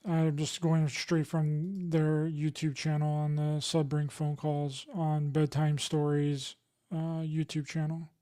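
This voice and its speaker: A man hosts a podcast and reacts in a quick, casual way. His delivery is flat and monotone, with very little rise and fall in pitch. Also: slight background noise. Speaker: podcast host.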